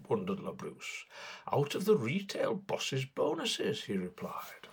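Gravelly man in sarcastic satirical commentary. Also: mid-range voice, slow. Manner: mocking, sarcastic delivery with lively swings.

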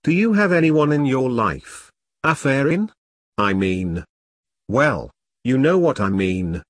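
Narrator guy doing a tired wry ex-army man, kinda halting, dry close mic. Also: mid-range voice, sing-song, no echo. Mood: hesitant. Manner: wry, hesitant. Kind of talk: audiobook character reading.

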